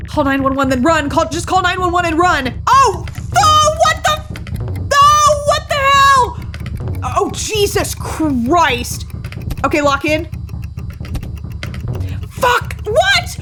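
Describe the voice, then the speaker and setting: A woman streamer giving casual commentary on a horror game, excitable, swearing and shrieking. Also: very high voice, noisy background. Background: faint game music.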